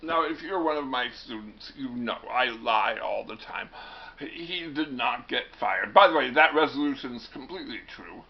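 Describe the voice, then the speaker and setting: Gravelly, stammering male lecturer. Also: mid-range voice, expressive, moderate pace, muffled recording. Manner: wry, digressive, frequent stammered restarts. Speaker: teacher. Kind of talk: classroom lecture.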